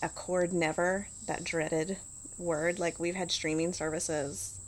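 A woman's voice: on the low side, level tone, slow pace, a little hiss or hum. A middle-aged woman talking casually as an interview guest, full of "like" and restarts. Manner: chatty, lots of "like" and restarts.

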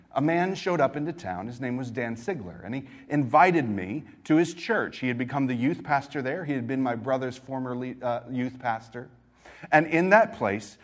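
A middle-aged male pastor delivering a sermon, his voice sitting at an ordinary middle pitch. He tells a personal story in a conversational way, then rises into emphatic exhortation. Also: breathy edge. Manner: storytelling preacher, shifts between quiet reflection and emphatic exhortation.

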